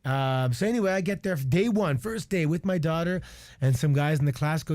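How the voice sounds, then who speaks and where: A man's voice: fairly high pitch, normal speed, darkish tone, no echo. A man in his forties from Canada, a retired wrestler, telling a story as a radio guest in a candid, profane way. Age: 40s. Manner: candid and profane, lots of restarts and quoted asides. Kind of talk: animated storytelling on a radio show. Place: radio studio.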